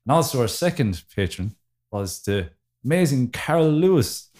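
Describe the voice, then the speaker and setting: A man's voice: mid-range voice, big pitch swings, normal speed, darkish tone. A man with a Wexford accent, hosting a casual podcast chat in an easygoing, chatty way with frequent laughs. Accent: Wexford, New Ross. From County Wexford, Ireland. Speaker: podcast host.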